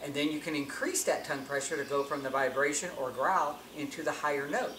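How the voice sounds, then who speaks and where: A man's voice: fairly high pitch, brisk, bright, forceful tone. Plain-spoken man teaching elk calls, echoey. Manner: plain-spoken, restarts phrases while explaining. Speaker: elk calling instructor. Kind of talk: hunting-call tutorial. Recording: echoey with faint ambient noise.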